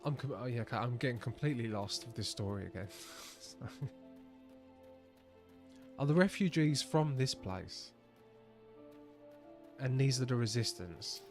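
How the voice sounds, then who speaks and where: An English man streaming a game, making quiet, self-deprecating asides as he plays. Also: medium pitch, expressive, measured pace, pauses often, soft background music. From England. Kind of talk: game commentary.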